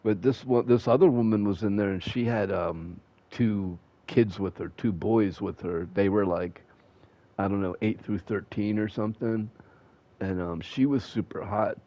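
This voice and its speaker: A man with a lowish voice streams a game at a moderate pace, casually telling rambling, profane stories and laughing at them himself. His home mic sounds dull and dry.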